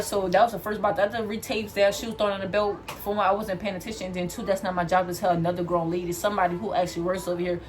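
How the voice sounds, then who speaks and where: Young black-woman ranting a work story to the cam, lively, faint hum behind. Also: mid-range voice. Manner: animated, acts out quotes, addresses viewers as y'all. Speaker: vlogger. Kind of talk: storytime chat while doing hair.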